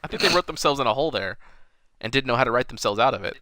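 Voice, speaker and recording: A man co-hosting a casual movie review show, talking in an animated way and swearing freely. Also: medium pitch, rapid-fire, no room sound. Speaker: movie review podcast co-host.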